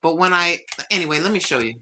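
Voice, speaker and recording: Bright-voiced chatty woman hosting a stream. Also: lowish voice, fast talker, slight background noise. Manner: chatty, animated storyteller who laughs often. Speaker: live stream host. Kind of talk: casual live stream chat.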